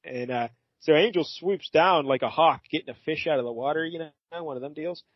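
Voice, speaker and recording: A man chats loosely as a podcast co-host, rambling and poking fun at himself with frequent laughs. His voice sits a little high, and the recording is dry and dull. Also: a little fast, no echo. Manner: rambling, self-mocking, laughs often. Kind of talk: casual chat recapping a comic.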